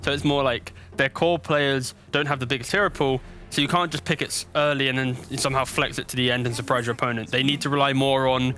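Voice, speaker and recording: A man analysing a live esports draft, explaining at length in a quick, lively way. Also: mid-range voice, faint music behind.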